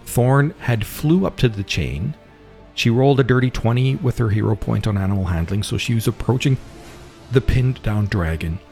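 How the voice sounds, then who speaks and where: A man narrating as game master of a tabletop game, relaxed and rambling, talking into a home mic on a voice call. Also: medium pitch, normal speed, gravelly, soft background music.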